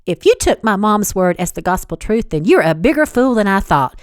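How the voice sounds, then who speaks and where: This is a hot-tempered young woman from a romance storybook, put on by a woman reading aloud. She pitches her voice high and shrill and argues with tearful indignation. The sound is dry and close, with no room around it. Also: very animated, a little fast, no echo, close to an everyday voice. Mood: indignant.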